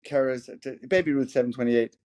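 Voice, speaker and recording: A man's voice: mid-range voice, fairly quick, mellow. A man appearing as a podcast guest, talking casually in a joking, playful way. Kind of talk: casual chat.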